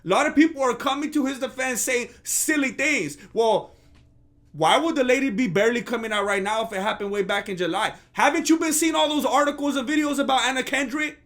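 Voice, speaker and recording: Host: man with a very high voice, sarcastic mock-outraged commentary. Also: a little fast, a bit bright. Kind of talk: comedic commentary rant.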